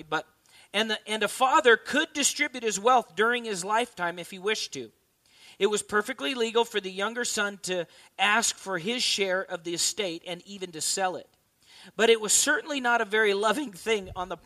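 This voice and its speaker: Bright-voiced man preaching a casual sermon. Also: high voice. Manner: conversational, asks the audience questions. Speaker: pastor.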